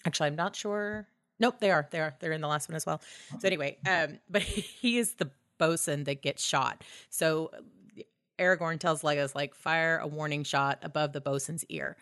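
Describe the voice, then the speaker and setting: Low-voiced, excitable woman podcast host. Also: normal speed, no echo, studio quality. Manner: enthusiastic, profane, acts out characters' lines. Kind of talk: casual film discussion.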